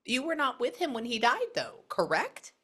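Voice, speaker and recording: A woman's voice: on the high side, very animated, moderate pace, fairly bright tone, husky. A woman working as a psychic medium, chatting bluntly through a casual reading session indoors. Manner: chatty, blunt, quotes the spirit back and forth.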